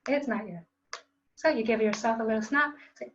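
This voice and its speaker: A woman's voice: fairly high pitch, moderate pace, muffled recording. A woman teaching a qigong class online, coaching students in an upbeat, playful way with call-and-response phrases. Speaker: qigong instructor.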